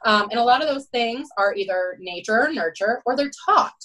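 A woman's voice: a little high, lively intonation, moderate pace, sharp tone, poor audio. Candid, emphatic woman swim coach. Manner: candid and emphatic, peppered with "you know" and "right?". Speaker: college swim head coach. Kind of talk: podcast interview storytelling.

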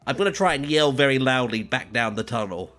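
Man, player, casual, playful, mid pitch. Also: lively intonation, a little fast, a bit bright. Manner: laughing, playful. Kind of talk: casual role-play chat.

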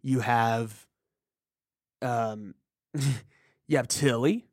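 A man's voice: medium pitch, drawn-out words, no echo, studio quality. Rambling man in casual podcast chat. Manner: rambling, restarts sentences, laughs often. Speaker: podcast co-host. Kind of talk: casual chat about a video game.

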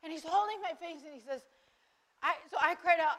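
Bright high-voiced woman teaching scripture. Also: a little fast. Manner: earnest, asks listeners rhetorical questions. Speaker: podcast Bible teacher. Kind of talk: devotional teaching.

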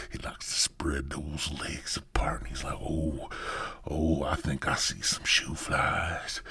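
A man hosting a podcast, riffing through a meandering, profane comedic monologue with lots of halting restarts, close to the microphone. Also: deep voice, darkish tone, slightly rough, no echo. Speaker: podcast host.

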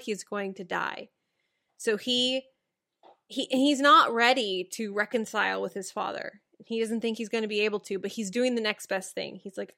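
A woman's voice: medium pitch, vocal fry, bright, forceful tone. A woman in casual discussion of a TV show, thoughtfully explaining her opinions and adding short agreeing replies. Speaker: podcast co-host.

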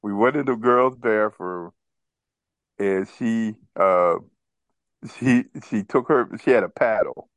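A man's voice: fairly low pitch, slow pace, dry recording. A man co-hosting a podcast, telling a childhood story in casual chat and laughing as he goes. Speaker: podcast co-host.

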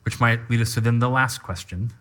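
A man preaching a sermon as pastor, teaching in an animated way and calling people up to act out an example. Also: medium pitch, a little fast. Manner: animated teaching with live demonstration.

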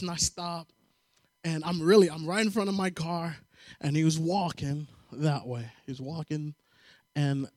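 A man preaching a sermon, telling a personal story with lively acted-out voices and calling for amens. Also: sits high, no room sound, studio quality. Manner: animated storytelling, acts out voices, call-and-response amens. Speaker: pastor.

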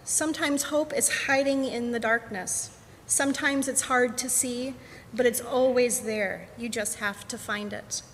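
A woman voicing a gentle, loving mother mole who speaks softly and reassuringly, in a storybook reading. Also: a little high, measured pace. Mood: tender. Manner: soft, soothing, reassuring. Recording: echoey church hall, faint hum.

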